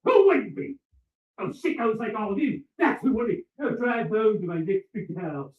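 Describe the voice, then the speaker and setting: A man delivering a furious, profane ranting monologue and often shouting. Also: high-pitched, very animated, moderate pace. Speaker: vlogger. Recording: echoey, distant, dull sound.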